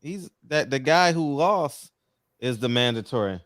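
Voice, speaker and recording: Laid-back man hosting, lively pitch. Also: a little slow, dry recording, studio quality. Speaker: host. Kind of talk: casual chat.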